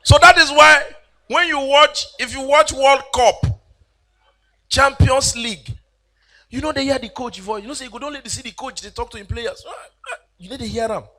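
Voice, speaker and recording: A Nigerian man doing animated stand-up comedy on a church event stage, mixing in Pidgin and mimicking people. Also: very high-pitched, normal speed.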